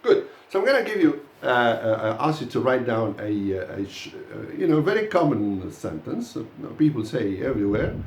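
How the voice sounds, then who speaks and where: A male teacher talks through a pronunciation lesson in front of his class. His pitch swings widely as he quizzes the students, and he fills his talk with "uh" and "you know". The room gives the voice a noticeable echo. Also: moderate pace, hardly any pauses, slight background noise. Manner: animated, addresses students directly with many fillers.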